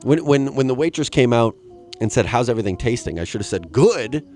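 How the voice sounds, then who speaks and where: A man's voice: mid-range voice, lively intonation, quick pace, a little mellow. A man hosting a podcast, rambling through a comic solo monologue with crude asides and jumping into acted voices for the people he quotes. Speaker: podcast host.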